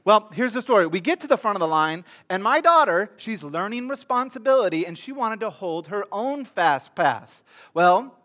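A man's voice: high-pitched, lively intonation, moderate pace, a bit bright. A middle-aged man preaching a sermon, telling a funny story with comic asides to his congregation before reading scripture. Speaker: pastor.

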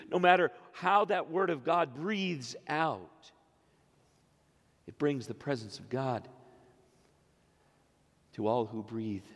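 A pastor in his fifties preaching a sermon, moving between quiet, low phrases and loud, rising exclamations. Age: 50s. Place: church sanctuary. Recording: long reverb of a church sanctuary.

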